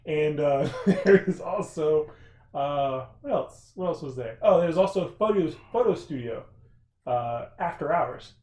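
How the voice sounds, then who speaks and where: A man's voice: a little high, expressive, unhurried, a little mellow. A man co-hosting a podcast in casual chat, teasing and jokey, often laughing. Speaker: podcast co-host. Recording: echoey room.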